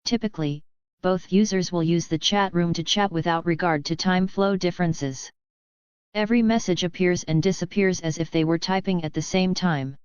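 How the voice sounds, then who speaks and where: A woman narrating a web novel audiobook in a steady, even reading voice. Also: fairly low pitch, normal speed, clear, resonant tone, no room sound. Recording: dull lo-fi dry recording.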